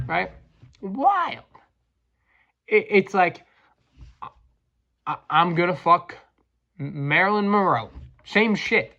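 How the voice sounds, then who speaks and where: A man's voice: high-pitched, bright, forceful tone, dull audio. A man hosting a podcast, ranting crudely and combatively with frequent stumbling restarts. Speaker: podcast host, welder. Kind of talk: profane comedic rant.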